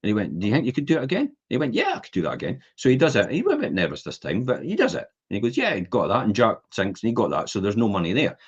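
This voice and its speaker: A man hosts a casual podcast chat, slipping into voices as he tells stories. His voice is slightly husky and moves a lot in pitch. The audio is dull and lo-fi. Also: fast, hardly any pauses. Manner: animated storyteller acting out voices in anecdotes. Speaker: podcast host.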